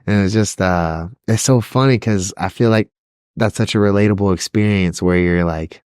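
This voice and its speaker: Chill guy podcast cohost, lowish voice, keeps laughing and saying like. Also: normal speed, a little mellow, smooth, no room sound, studio quality. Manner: laughs often, says "like" constantly. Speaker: podcast co-host. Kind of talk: casual chat.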